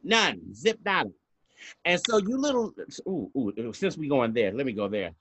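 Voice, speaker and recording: A man's voice: mid-range voice, very animated, moderate pace, a bit bright, a little hiss or hum. Sassy outspoken man podcasting. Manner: sassy, emphatic, swears freely. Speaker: podcast co-host. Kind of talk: casual chat.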